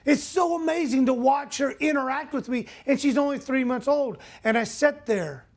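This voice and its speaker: A man's voice: very high voice, normal speed. A man speaking as a motivational speaker, telling a personal story earnestly and asking the audience direct questions.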